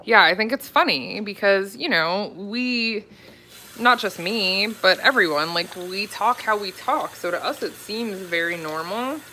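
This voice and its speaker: A young woman with a South Florida accent chats casually with her viewers, calling them by name and laughing easily. Her voice is bright and forward. A faint hiss of background noise sits under the recording. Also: mid-range voice, animated, a little slow. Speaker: vlogger. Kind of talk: casual live chat reading comments.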